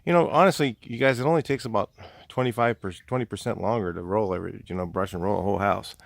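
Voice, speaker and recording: A man's voice: fairly low pitch, fast, creaky, dry recording, clean studio sound. A man, a house painter, telling a story casually, rambling with many restarts.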